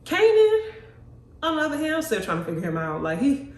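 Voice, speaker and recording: Young woman, casual TV recap, blunt and animated, roomy echo, a bit off-mic. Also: high-pitched, fairly quick, far from the mic. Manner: animated, blunt, swears freely. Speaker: TV recap vlogger. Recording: echoey room, voice off-mic.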